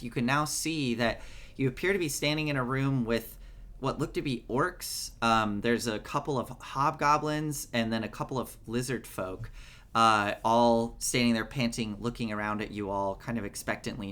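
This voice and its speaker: A man narrating a tabletop game as game master in a relaxed way, with frequent fillers. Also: mid-range voice.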